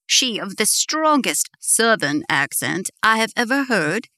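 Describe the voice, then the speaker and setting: A woman's voice: medium pitch, big pitch swings, a little slow, bright, forceful tone, no room sound, clean studio sound. A woman reading the part of a charming young man, bantering playfully. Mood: teasing.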